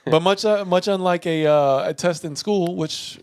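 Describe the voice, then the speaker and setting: Profane, animated young man telling a story. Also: sits high, normal speed, smooth. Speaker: podcast co-host. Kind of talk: casual chat, storytelling.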